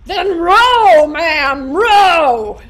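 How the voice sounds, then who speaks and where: A woman's voice: high voice, slow pace. An older woman playing a blustering male pirate captain in an improv comedy scene. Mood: bossy.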